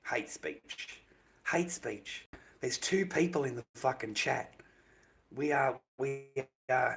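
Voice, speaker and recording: A man's voice: medium pitch, fairly bright tone, a little hiss or hum. An Australian man ranting casually on his live stream, profane, rambling and dismissive.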